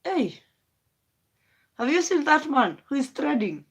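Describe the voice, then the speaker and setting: A woman's voice: high-pitched, sing-song, slow pace. A rambling woman. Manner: rambling, emotional, wandering thoughts. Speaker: vlogger. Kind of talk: late-night live stream monologue.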